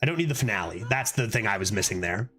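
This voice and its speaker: A man streaming a card game, thinking aloud in casual commentary and getting excited over close plays. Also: fast talker, soft background music. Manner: excitable, thinks aloud, sometimes drops to a low put-on voice.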